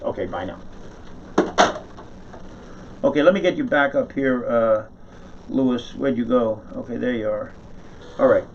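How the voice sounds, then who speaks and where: A man's voice: medium pitch, unhurried, pauses often, heavy background noise. A man from New York City doing a sarcastic, needling one-sided mock phone call, rambling with many restarts. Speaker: satirical monologuist. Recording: dull, distant lo-fi recording.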